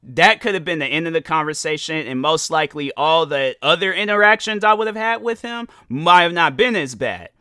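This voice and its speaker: A man's voice: a little high, animated, brisk, few pauses, pushed and bright, clean tone, no room sound, studio quality. A young adult man hosting a podcast, telling a casual story and acting out both sides of the dialogue. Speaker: podcast host.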